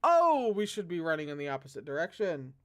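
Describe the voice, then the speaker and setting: A host reading a novel aloud, breaking off into chatty, excitable commentary with self-deprecating humor. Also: a little fast. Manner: dramatic, excitable asides with big pitch jumps. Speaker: read-along host.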